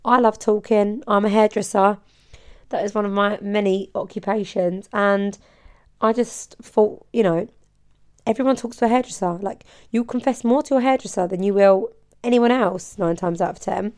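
Woman, podcast host, casual solo chat, bubbly, rambling, middle pitch. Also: moderate pace. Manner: bubbly, chatty, rambling with frequent laughs.

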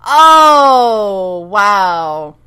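A woman's voice: medium pitch, big pitch swings, drawn-out words, sharp tone, clean tone. A woman casually recapping a TV episode, acting out the characters' lines and laughing often. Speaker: podcast co-host recapping a TV show. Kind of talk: casual chat.

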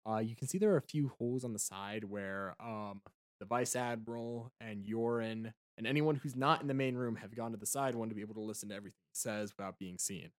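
A man's voice: lowish voice, brisk, dry recording, clean studio sound. A man running a tabletop game as game master, narrating scenes with loose, playful laughter.

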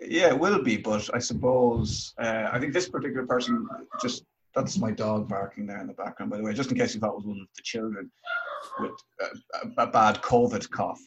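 A man hosting a podcast, chatting casually over a video call and joking with a deadpan, teasing manner. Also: lowish voice, fairly quick, a little hiss or hum. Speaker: podcast host. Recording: dull lo-fi call audio.

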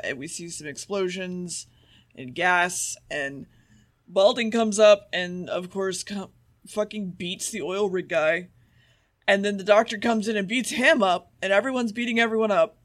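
A man's voice: high voice, a little slow, a bit bright. A man co-hosting a podcast, casually recapping an episode, swearing freely and acting out the characters' lines. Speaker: podcast co-host.

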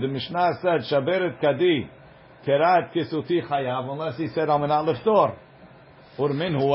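On a muffled recording with slight hiss or hum, a man with a fairly high-pitched voice teaches Talmud informally. He chants ancient passages, then explains them in relaxed everyday English.

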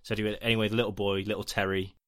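Man, low voice, rambling jokey podcast co-host, casual episode recap. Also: flat delivery, racing, a bit bright, clear, resonant tone. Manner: rambling, jokey, acts out lines in silly voices.

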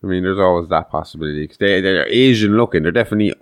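A man's voice: low-pitched, racing, no echo. A man co-hosting a podcast in loose, casual chat, swearing freely and laughing often. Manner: laid-back, swears a lot, laughs often. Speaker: podcast co-host.

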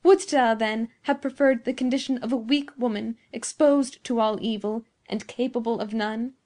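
A woman voicing a proud, scheming old male scientist in a storybook reading, declaiming loudly and grandly. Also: fairly high pitch, fairly even intonation, normal speed, close to an everyday voice. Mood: scornful.

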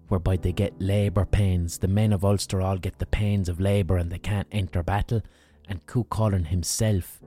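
An Irish man with a deep, mellow voice telling an old legend in a relaxed podcast monologue. He swears freely and leans hard on emphasis. Faint music plays behind him. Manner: profane, emphatic, relishes hyperbole. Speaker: podcast storyteller. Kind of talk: casual storytelling monologue.

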